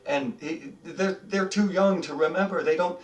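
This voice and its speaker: Guy doing a squeaky panicky old goblin, yelling warnings, far-off roomy sound. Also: moderate pace, close to an everyday voice. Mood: urgent. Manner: shrieking warnings, frantic. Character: panicky white-haired old male goblin. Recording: roomy, off-mic, faint music behind.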